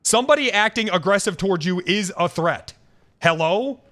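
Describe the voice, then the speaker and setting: A man streaming live, venting at his chat in a heated, profane rant. He restarts his sentences and repeats himself. His voice sits a bit high and leaps up and down. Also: animated, moderate pace, fairly bright tone.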